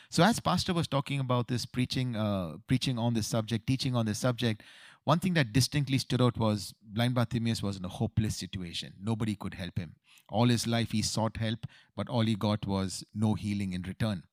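A middle-aged man earnestly telling his survival testimony, halting often with fillers and repeated words. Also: lowish voice, dry recording, clean studio sound.

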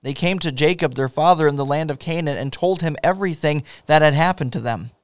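A man reading a scripture story aloud, steady and measured. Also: a little high, clean tone, no echo. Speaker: scripture reader.

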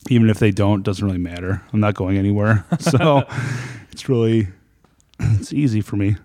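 A man's voice: on the low side, normal speed, dark tone, no echo, clean studio sound. A man, a store manager, telling rambling stories with frequent laughter in casual chat.

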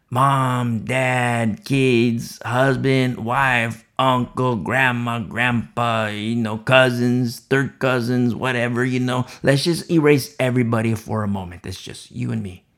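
A male preacher with a gravelly, husky voice delivers his sermon at an unhurried pace. His pitch swings widely as he stresses his points. He repeats his key lines and speaks as if to a single listener. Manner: repeats key phrases for emphasis; addresses listener directly and personally.

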